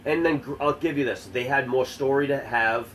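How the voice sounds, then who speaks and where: A man's voice: mid-range voice, normal speed, fairly bright tone, poor audio. Opinionated swearing guy on a podcast. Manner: profane, opinionated banter. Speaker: podcast co-host. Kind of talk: casual chat. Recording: faint background noise.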